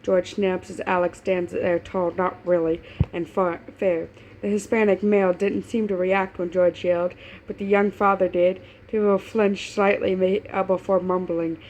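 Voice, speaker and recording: A woman's voice: fairly low pitch, little pitch movement, moderate pace, darkish tone, a little hiss or hum. A woman casually reading fan fiction aloud at home, stumbling over words and breaking off for chatty, laughing asides.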